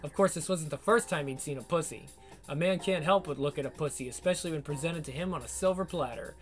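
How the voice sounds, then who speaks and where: A man narrating an audiobook in a steady storytelling read. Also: a little high, fast. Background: faint guitar music.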